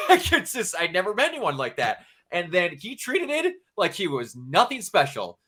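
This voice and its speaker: A man co-hosting a podcast, telling a personal story in casual chat with emotional, animated storytelling. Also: a little high. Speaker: podcast co-host.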